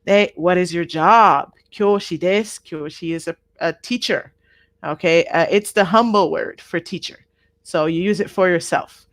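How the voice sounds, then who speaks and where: A woman teaching a live online Japanese class, patient and repeating each word slowly for her learners. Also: lowish voice, no echo.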